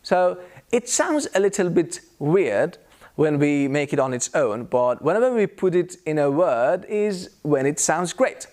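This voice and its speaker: A man with a British accent leads an English pronunciation lesson, modelling each sound slowly and repeating every example word. His pitch sits a little high and swings widely as he speaks. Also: very animated, a little mellow. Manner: slow, exaggerated demonstration of sounds with repeated examples. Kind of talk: scripted lesson.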